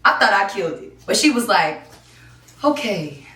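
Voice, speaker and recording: A young woman from Kansas City, Missouri, telling her own story in a one-woman stage show, lively and playful. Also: mid-range voice, a little fast, heavy background noise. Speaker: solo performer. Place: stage in a performance space. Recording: roomy live stage, distant mic, music.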